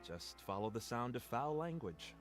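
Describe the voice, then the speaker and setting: A man's voice: medium pitch, sing-song, normal speed, faint music behind, natural voice. A man voicing a wry gossiping townsman. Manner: dry, wry, conversational. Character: gossiping male townsman giving warnings.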